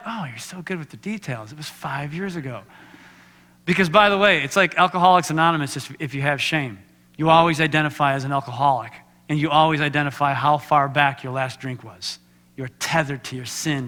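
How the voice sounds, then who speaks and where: A man gives a candid, conversational sermon, often stopping to ask the congregation questions. His voice is bright and fairly high for a man. It rings out with the long reverb of a church hall. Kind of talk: sermon with personal testimony. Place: church sanctuary.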